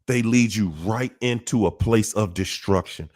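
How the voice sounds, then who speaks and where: A man's voice: fairly low pitch, unhurried, a little mellow. A man hosting a livestream, talking to viewers in a repetitive, emphatic, preachy way. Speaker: livestream host. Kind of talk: casual livestream talk.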